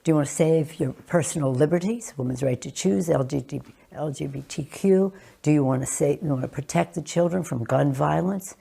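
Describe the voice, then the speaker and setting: Gravelly, husky older woman politician. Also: deep voice, warm tone. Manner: measured, emphatic, with restarts and pauses. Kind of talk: television interview answers.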